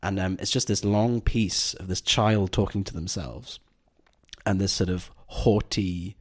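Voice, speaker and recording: A man's voice: deep voice, steady tone, a little slow. A man co-hosting a podcast, talking in casual discussion, hesitant and full of "sort of" hedges. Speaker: podcast co-host.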